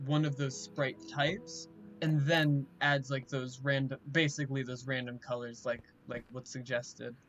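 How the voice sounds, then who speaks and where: A man hosting a relaxed gaming stream chat, talking in an easygoing, halting way. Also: medium pitch, highs cut off, faint music behind. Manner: easygoing, hesitant, many restarts. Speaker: streamer and mod developer.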